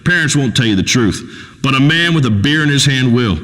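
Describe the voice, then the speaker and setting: A man as a crude rural radio host, folksy and pontificating, lively bright voice, long echo. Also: medium pitch, a little fast, natural voice. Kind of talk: radio call-in show acting.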